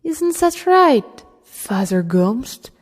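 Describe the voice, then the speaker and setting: A woman reading an audiobook, voicing a ruthless teenage boy prince who talks soft, menacing and mocking. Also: high-pitched, sing-song, extremely slow, slight background noise, voice pushed up, exaggerated voice. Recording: reverberant room.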